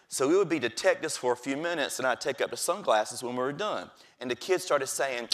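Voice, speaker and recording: A middle-aged man, a teacher, telling stories from his classroom with lively delivery and acting out the voices of kids and his principal. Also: mid-range voice, fairly quick, hardly any pauses. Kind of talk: storytelling talk.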